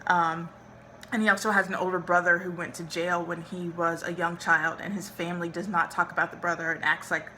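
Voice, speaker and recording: A woman's voice: on the low side, sharp tone, a little hiss or hum. Enthusiastic woman hosting a book talk. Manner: enthusiastic, informal, many fillers. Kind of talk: book talk with read-aloud.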